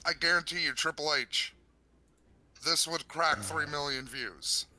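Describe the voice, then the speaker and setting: A man's voice: fairly high pitch, a little slow, bright, forceful tone. A man in a casual comedic chat who builds long, absurd bits step by step.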